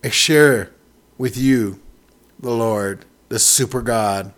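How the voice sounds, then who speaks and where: A man preaching with fervent conviction, his voice climbing to loud declarations and then dropping to near-hushed asides. He repeats phrases for emphasis and addresses the listeners directly, with a pitch that sits in the ordinary middle range. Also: slow pace. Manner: impassioned, repetitive, swings between loud and hushed. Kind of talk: sermon.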